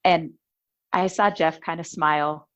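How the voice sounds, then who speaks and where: A woman's voice: low-pitched, a little slow, lo-fi sound. A woman podcast host chatting casually and telling a story, acting out the voices she quotes. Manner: lively storyteller who acts out quoted voices.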